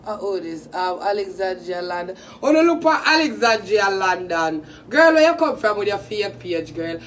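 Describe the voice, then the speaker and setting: A woman's voice: medium pitch, sing-song, normal speed, recorded from a distance, a little hiss or hum. A Jamaican woman in her twenties, delivering a profane, taunting, confrontational rant straight to camera. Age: 20s. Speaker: social media personality. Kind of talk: angry insult rant to camera.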